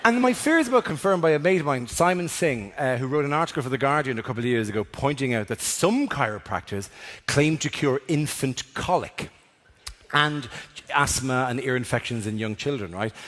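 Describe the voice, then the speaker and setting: A middle-aged man doing stand-up comedy in a big theatre, animated and breaking into sudden shouts. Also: medium pitch, normal speed. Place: large theatre stage. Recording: reverberant theatre, audience noise.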